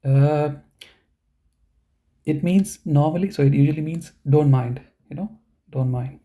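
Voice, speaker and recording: A man's voice: fairly high pitch, unhurried, mellow, muffled recording. A man teaching an online German class for beginners, explaining grammar step by step and often adding "you know" and "okay".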